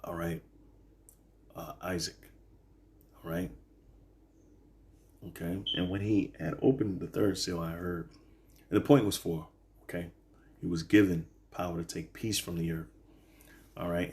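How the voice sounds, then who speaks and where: A man teaching from the Bible in a casual, halting way, reading verses slowly and filling pauses with "all right" and "okay". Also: deep voice, level tone, darkish tone, a little hiss or hum. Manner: reads verses slowly then explains. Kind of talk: informal scripture teaching.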